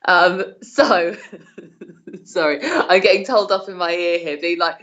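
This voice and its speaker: A woman's voice: fairly low pitch, expressive, slow pace, fairly bright tone, highs cut off. A woman hosting a live-streamed comedy show from her living room, chatty, cheeky and sweary. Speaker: host and compere.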